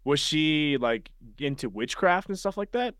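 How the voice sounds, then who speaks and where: A man's voice: on the high side, animated, a little slow, fairly bright tone, smooth, no room sound, studio quality. A man hosting a casual interview, reacting with short encouraging remarks and joking asides. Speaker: host, interviewer.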